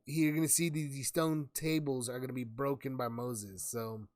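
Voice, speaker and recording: A man's voice: medium pitch, fairly even intonation, normal speed, few pauses, a little mellow, dry recording, studio quality. A man leading a casual Bible study, rambling with many fillers and restarts and reading scripture aloud.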